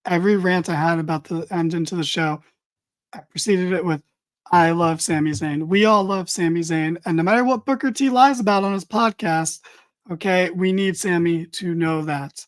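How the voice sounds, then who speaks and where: Blunt, opinionated woman, low voice. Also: normal speed. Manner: blunt, opinionated, swears casually, reads viewer comments. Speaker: wrestling show reviewer. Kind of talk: casual opinionated recap.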